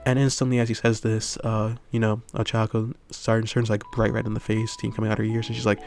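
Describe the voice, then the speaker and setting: A man's voice: lowish voice, level tone, a little fast, hardly any pauses, a little mellow, soft background music. A man improvising a fan story aloud in a rambling way, full of fillers and tag questions. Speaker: channel host.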